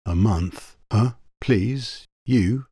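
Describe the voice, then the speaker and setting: A man playing a brisk young space hero. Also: lowish voice, mellow, breathy edge, no echo, studio quality, pitched above the performer's own voice, exaggerated voice. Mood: alert.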